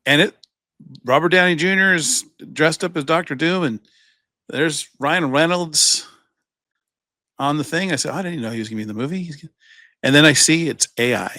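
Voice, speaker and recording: A man's voice: on the high side, moderate pace, pauses often, bright, forceful tone, no echo. A man co-hosting a casual podcast, rambling through stories, acting out other people's lines, swearing and laughing often. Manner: rambling storyteller, acts out quoted voices, swears, laughs often. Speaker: podcast co-host. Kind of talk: casual chat.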